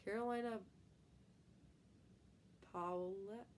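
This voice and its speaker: A woman's voice: mid-range voice, fairly even intonation, slow pace, darkish tone, a little hiss or hum. A young woman from the Midwest with a Midwestern accent, stuffy from a cold, chatting casually with viewers on a live stream while reading comments, rambling with lots of fillers. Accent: Midwestern American. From American Midwest. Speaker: livestream host.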